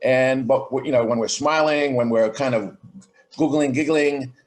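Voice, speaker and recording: A reverberant, slightly mellow voice of medium pitch comes from a man guesting on a podcast through a video call. During the conversational interview he lays out his ideas slowly and thoughtfully, often starting his sentences over.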